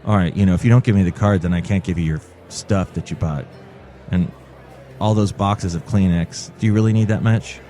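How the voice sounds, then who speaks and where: A man's voice: on the low side, steady tone, moderate pace, warm tone, voice pushed down, natural voice. A man voicing a brash male store clerk who is curt to some customers and gushing to others.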